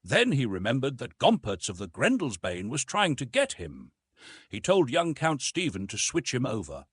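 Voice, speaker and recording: A man reading a science-fiction audiobook aloud in an expressive, storytelling way. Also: medium pitch, normal speed, slightly rough, no echo, clean studio sound. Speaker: audiobook narrator. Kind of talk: scripted audiobook narration.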